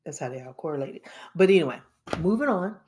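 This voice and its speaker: Low-pitched woman vlogger, casual and animated, cracks jokes and chats to viewers like friends. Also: quick pace, a little hiss or hum. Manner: joking, animated, laughs often, addresses viewers as y'all. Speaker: YouTuber sharing monthly goals. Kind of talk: casual chatty vlog.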